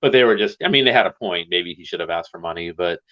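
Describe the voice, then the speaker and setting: Low-voiced man telling rambling stories. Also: quick pace, highs cut off. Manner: rambling, animated storytelling with laughs. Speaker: stream host. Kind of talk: casual livestream chat.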